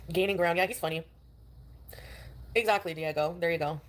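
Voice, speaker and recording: A woman's voice: lowish voice, moderate pace. A woman chatting casually on a livestream, rambling and defensive, with many fillers.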